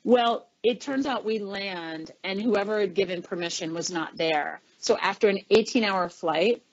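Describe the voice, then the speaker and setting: A middle-aged woman tells a long story in an interview, putting on the voices of the people in it. Her voice sits at an everyday pitch. The audio is a bit dull and lo-fi. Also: unhurried. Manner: animated storyteller, acts out quoted lines. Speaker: interview guest, former chief of staff.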